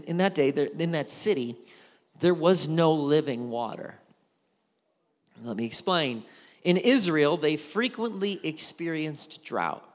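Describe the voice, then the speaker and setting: A man preaching a sermon in an animated, conversational storytelling way. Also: on the high side, big-room sound.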